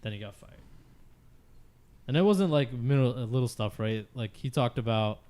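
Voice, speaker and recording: A man of middle pitch chats on a gaming podcast in a loose, frank way. He fills his talk with filler words and swears casually as he gives his opinions. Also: animated, normal speed, mellow.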